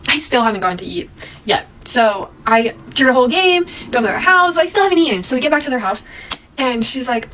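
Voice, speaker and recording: Young woman, storytime vlogger, animated quoted voices, a bit high-pitched. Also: fast, a little hiss or hum, poor audio. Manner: chatty, animated retelling with quoted voices and laughs. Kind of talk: casual story time.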